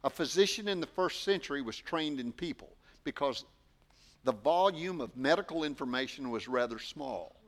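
A male preacher delivering a sermon, his voice sitting on the higher side. He acts out the quotes he reads, then drops into quieter, earnest appeals. He keeps putting rhetorical questions to the listeners. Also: expressive, moderate pace.

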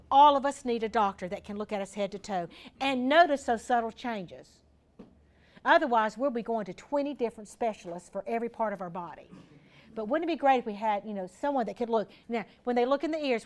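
A woman with a slightly high voice gives an informal health talk to a small group in a room. She is chatty and practical, speaking directly to her listeners.

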